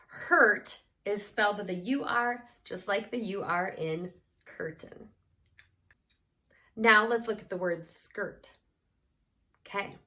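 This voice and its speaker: A woman leads a children's reading lesson at an unhurried pace. She stretches out sounds and syllables with care and keeps an encouraging tone throughout. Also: mid-range voice, bright, forceful tone. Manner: slow, clear, encouraging teacher talk with sounded-out words. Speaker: teacher.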